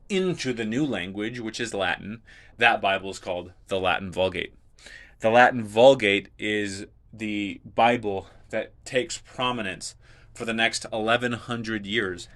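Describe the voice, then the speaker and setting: A man with a lowish voice teaching a Bible lesson. He explains step by step in a calm, measured way. When he quotes scripture he gets more emphatic. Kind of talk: recorded lesson lecture.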